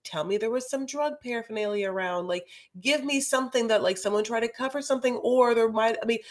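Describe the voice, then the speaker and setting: A woman's voice: a little high, fast talker. A woman co-hosting a podcast, chatting casually and gossiping with lots of fillers. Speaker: podcast co-host. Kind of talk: casual recap chat.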